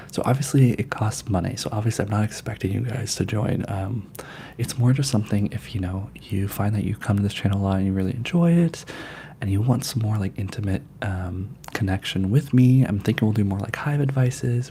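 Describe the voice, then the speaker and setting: A man hosting a livestream, chatting in a soft, mostly whispered ASMR voice and rambling with many fillers. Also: fairly low pitch, gravelly, a little hiss or hum. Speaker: ASMR channel host.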